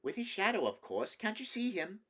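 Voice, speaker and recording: Little girl voice, earnest and sure of herself, a bit higher, a guy reading doing her. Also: very animated, normal speed, pushed and bright, exaggerated voice. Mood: certain.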